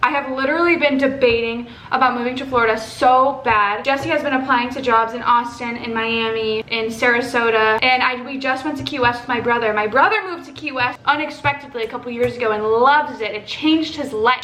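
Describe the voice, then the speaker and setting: Young woman from texas, high voice, rattles off a story time vlog, kinda echoey room with faint hum. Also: a little fast, few pauses. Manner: animated, swearing, quoting others in a raised voice. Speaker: vlogger.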